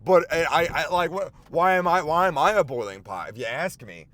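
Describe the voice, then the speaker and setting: Twenty-something guy ranting in his car, kinda high voice, swings all over, swears a lot. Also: fairly quick, no room sound. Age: 20s. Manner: animated, rambling, swears often. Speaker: podcast host. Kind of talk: rambling comic monologue. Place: inside a car while driving and parking.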